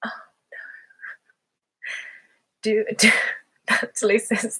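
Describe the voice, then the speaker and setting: A woman's voice: mid-range voice, a little slow, breathy edge. A woman hosting her ASMR channel's live stream who chats casually, reads out viewer comments and giggles often. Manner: chatty and giggly, laughs often.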